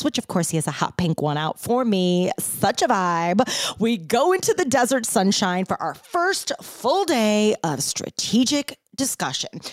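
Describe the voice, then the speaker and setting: A woman's voice: medium pitch, dry recording, clean studio sound. A woman telling her own story as a brand founder, with playful emphasis and upbeat slang. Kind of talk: personal storytelling monologue.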